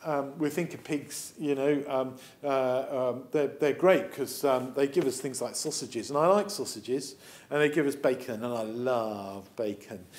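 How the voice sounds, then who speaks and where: A man's voice: mid-range voice, measured pace. A man with an English accent, a vicar telling a Bible story as a children's talk, acting out the characters as he goes. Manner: animated storytelling, acts out the characters.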